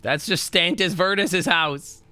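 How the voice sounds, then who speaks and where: A man's voice: high voice, slow pace, sharp tone, dry recording, soft background music. A man streaming a video game, chatting casually and swearing now and then. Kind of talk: casual gameplay chat.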